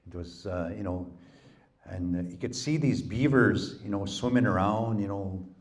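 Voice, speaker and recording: Low-voiced folksy male storyteller. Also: measured pace. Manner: folksy, relaxed, many "you know"s. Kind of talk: oral folk storytelling. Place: public library event.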